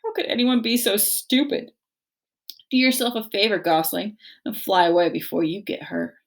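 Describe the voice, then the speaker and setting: A woman's voice: mid-range voice, steady tone, moderate pace, creaky, natural voice. A woman voicing a sarcastic, bossy young female bear.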